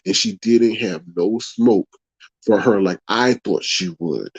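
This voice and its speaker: A man hosting a live online stream, talking casually to his viewers, reading their chat comments aloud and giving his take in an animated way. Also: lowish voice, slow pace, slightly rough, dry recording. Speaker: YouTube livestream host. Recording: dull, dry lo-fi stream audio.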